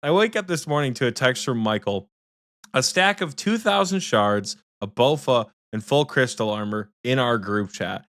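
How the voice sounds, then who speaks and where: A man co-hosting a podcast who tells a story in a casual, teasing, profane way, often speeding up into quick bursts. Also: mid-range voice, expressive, a bit bright, no echo. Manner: rapid bursts of speech. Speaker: podcast co-host.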